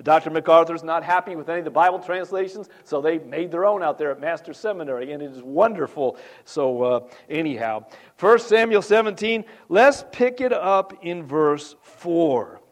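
A man's voice: on the high side, normal speed. A man preaching a sermon, reading scripture aloud and talking with the congregation in a conversational way. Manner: conversational, asks the congregation questions; reads scripture aloud with rising emphasis. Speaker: pastor.

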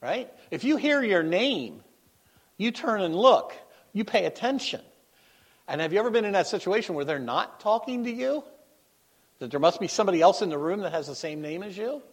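A middle-aged man giving a sermon in a conversational, anecdotal way, laughing at his own stories and swinging between emphatic bursts and quiet asides. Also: sits high, lively intonation, moderate pace. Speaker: guest preacher.

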